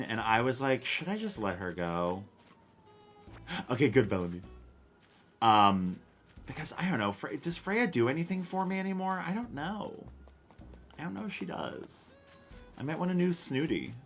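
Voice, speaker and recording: A man's voice: mid-range voice, animated, a little slow, long pauses, a bit bright, faint music behind. A man live-streaming a cozy game, chatting casually and answering chat in a rambling, self-questioning, wry way with casual swearing. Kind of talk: casual gameplay chat, reading chat.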